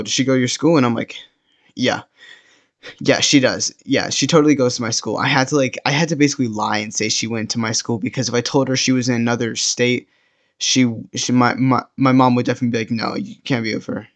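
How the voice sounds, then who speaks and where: A teenage boy telling a personal story in a casual, rambling way, full of fillers and restarts. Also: medium pitch. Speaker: storytime vlogger.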